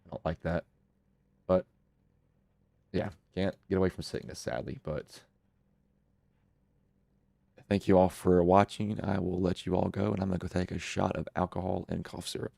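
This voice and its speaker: A man's voice: deep voice, fairly even intonation, normal speed, creaky, pauses often, warm tone, no room sound. A young man hosting a racing stream while sick, his voice nasal and congested, talking in a casual, rambling way. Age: young adult. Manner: casual, rambling wrap-up talk. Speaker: broadcast host. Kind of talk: casual live-stream commentary.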